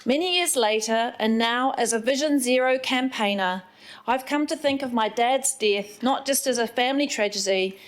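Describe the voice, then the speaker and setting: A woman, giving an earnest, at times emotional speech as a newly elected city councillor. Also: a little high. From England. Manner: emotional, tearful at moments, earnest.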